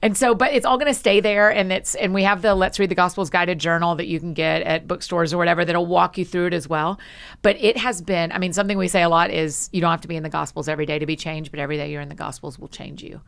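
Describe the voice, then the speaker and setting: A woman guest on a podcast, chatting casually and telling stories with animated energy and quick asides. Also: on the low side, gravelly, clear, resonant tone. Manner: frequent laughs and quick asides. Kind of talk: casual conversation.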